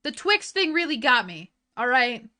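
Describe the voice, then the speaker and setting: Woman streamer chatting, bright sharp voice, a bit high, gets heated and sweary. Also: big pitch swings, moderate pace. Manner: heated, profane ranting, swinging between loud and mumbled. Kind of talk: casual chat. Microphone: desk mic.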